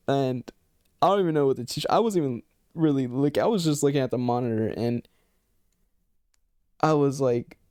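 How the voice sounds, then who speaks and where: A man's voice: mid-range voice, darkish tone, no room sound, studio quality. Rambling, foul-mouthed young man. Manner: rambling, profane, heavy on filler phrases. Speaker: vlogger. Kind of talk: casual storytime.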